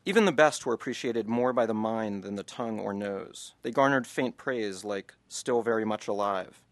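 An author with a lowish voice reads passages from his book to an audience, then takes questions in a loose, chatty manner. He speaks at normal speed, with no echo.

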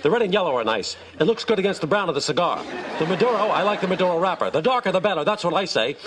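A man voicing a blustery, rambling older baseball team owner in a sitcom clip, talking quickly and drifting off the subject. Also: high-pitched, crowd noise, voice pushed up. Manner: rambling, distracted, quick talk. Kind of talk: sitcom acting, voice heard off-camera. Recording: TV clip with steady background noise.

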